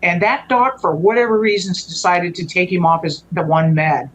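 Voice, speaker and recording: Halting woman recounting a family story. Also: on the low side, rough recording. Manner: halting, with frequent restarts and trailing phrases. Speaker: guest telling a personal story. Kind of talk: conversational storytelling.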